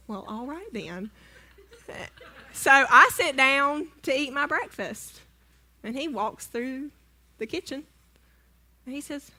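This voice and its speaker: A woman's voice: high voice, animated, slow, long pauses, pushed and bright. A woman, speaking to a church congregation, telling a humorous personal story in a chatty, self-deprecating way and asking the audience questions. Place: church sanctuary.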